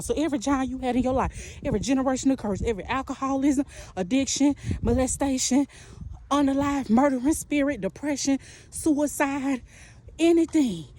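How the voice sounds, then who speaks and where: Woman preacher, high and mellow, rhythmic repetitive prophetic exhortation. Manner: rhythmic, repetitive preaching, calls listener "baby", laughs between lines. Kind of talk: impassioned prophetic sermon.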